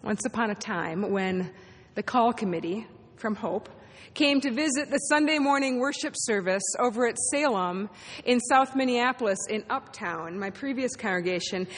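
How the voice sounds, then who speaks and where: Higher-voiced woman pastor in reverberant sanctuary. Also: lively intonation, normal speed. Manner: warm, encouraging, playful. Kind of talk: sermon. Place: church sanctuary. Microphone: amplified sanctuary mic. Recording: long hall reverb in a sanctuary.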